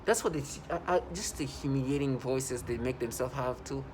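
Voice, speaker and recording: Against a noisy background, a man in a mid-range voice speaks at normal speed in a rambling personal vlog. He's agitated and frequently stops to restart or fix what he said.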